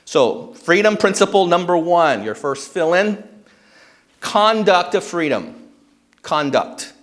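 Male pastor, a touch high in pitch, steady teaching-sermon delivery that checks in with the room. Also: slow pace. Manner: checks in with the congregation with frequent "okay?". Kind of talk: expository sermon.

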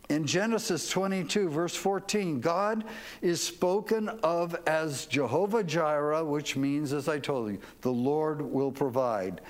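A man's voice: fairly high pitch, expressive, a little slow. A man preaching a sermon as pastor, folksy and leading the congregation to repeat lines after him.

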